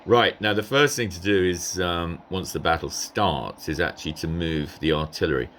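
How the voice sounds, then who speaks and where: A man's voice: sits low, normal speed, fairly bright tone, slight background noise. A man casually commenting over a recording of a strategy game, rambling and hesitant with many ums and asides. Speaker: gameplay commentator.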